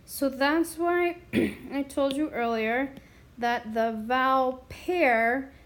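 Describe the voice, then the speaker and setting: A woman teaching a lesson, explaining step by step and sounding words out slowly. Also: sits high. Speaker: Spanish teacher. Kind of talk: classroom explanation.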